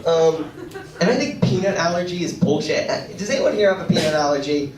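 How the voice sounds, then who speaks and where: A man's voice: on the high side, lively intonation, brisk. A young man doing a stand-up set while sick, with a rambling, crude, ranting delivery. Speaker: stand-up comedian. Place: comedy club stage. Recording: echoey room from far off, noisy audience recording.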